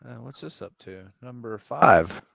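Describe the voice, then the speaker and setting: A man's voice: medium pitch, expressive, measured pace, vocal fry, a bit bright. A man co-hosting a casual live chat, wry and teasing as he goes through a pile of items. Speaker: co-host.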